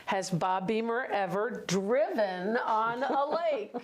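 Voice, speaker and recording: A woman's voice: a little high, takes it slowly, a loud crowd. A middle-aged woman, a university president, chatting cheerfully in an interview and laughing often. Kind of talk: casual interview chat.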